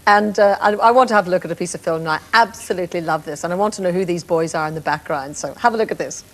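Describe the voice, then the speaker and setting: A Northern Irish woman in her fifties hosting a television chat show, introducing guests and asking questions with a bubbly, warm manner. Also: on the low side, rapid-fire. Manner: warm, bubbly, laughs easily.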